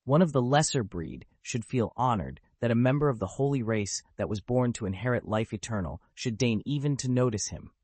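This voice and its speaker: A man's voice: mid-range voice, animated, fairly quick, hardly any pauses, darkish tone, no room sound, lightly acted. A man voicing a proud, imperious young female priestess in an audiobook, with a scornful, commanding delivery. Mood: haughty. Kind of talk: audiobook character voice.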